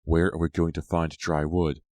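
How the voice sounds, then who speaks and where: A man's voice: deep voice, level tone, normal speed, darkish tone, no echo, lightly acted. A man voicing a snappish, muttering teenage girl in an audiobook.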